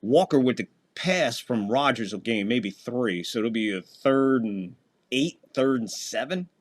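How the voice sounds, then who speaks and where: A man calls a football game play by play on a casual live stream, at a middle pitch that is neither high nor low. He chats easily with his viewers between snaps, and his voice leaps up when a play breaks open. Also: animated, a little slow. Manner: casual, chatty, talks to chat between plays, voice jumps up on big plays. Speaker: host and play-by-play caller. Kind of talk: live fan play-by-play commentary.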